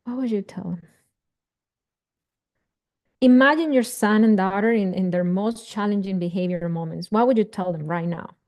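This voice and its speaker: A woman, a parenting educator leading a guided visualization in a soft, earnest, affirming way with emphatic repeated phrases. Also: mid-range voice, normal speed, long pauses. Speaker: parenting educator leading a live online session. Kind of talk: slow guided visualization, speaking to the audience.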